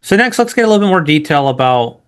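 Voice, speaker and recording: A man's voice: on the high side, sing-song, quick pace, clear, resonant tone. A man instructing a training lesson in a conversational way, often checking in with "right?". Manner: conversational, frequent rhetorical "right?" tags.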